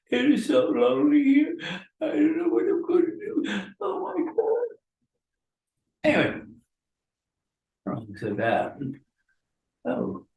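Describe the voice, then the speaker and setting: A man's voice: on the low side, gravelly. Groggy man ranting in an echoey room. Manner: ranting and grumbling. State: groggy from pain medication. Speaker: podcast host. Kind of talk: rambling solo monologue. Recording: roomy echo from a distant mic.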